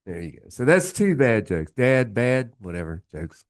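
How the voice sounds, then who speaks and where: A man's voice: medium pitch, big pitch swings, normal speed, no room sound, studio quality. A man on a radio show as a guest beer reviewer, chatting casually and rambling through jokes. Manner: rambling storyteller who acts out the voices in jokes. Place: radio studio. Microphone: studio mic.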